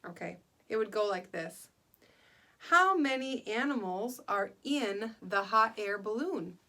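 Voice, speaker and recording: Slow, patient woman teaching young kids. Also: mid-range voice, animated, pushed and bright. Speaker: second grade teacher. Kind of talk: online classroom lesson.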